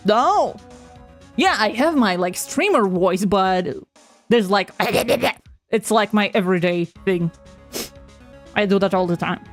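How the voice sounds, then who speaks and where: A woman's voice: medium pitch, expressive, takes it slowly, long pauses, soft background music. A woman streamer chatting playfully and casually during a game stream. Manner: playful, giggly. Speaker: VTuber streamer.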